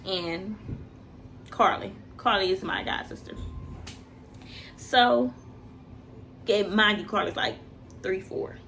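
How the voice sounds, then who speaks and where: A young woman telling a personal story in a casual, animated way, jumping high for quoted voices and dropping to a hush in tense moments. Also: creaky, slight background noise. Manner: animated, acts out quoted voices with big pitch jumps.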